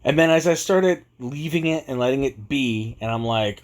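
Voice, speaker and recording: Guy ranting to his viewers, scornful, kinda conspiratorial, chuckles a lot, normal pitch. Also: normal speed, few pauses. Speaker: vlogger. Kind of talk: ranting monologue.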